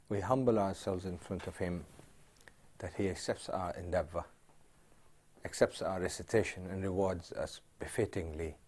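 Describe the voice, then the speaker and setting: A man giving an earnest, devout talk as a Quran recitation teacher, halting with restarts and swelling into emotional emphasis. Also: sits low, slightly rough. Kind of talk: devotional talk.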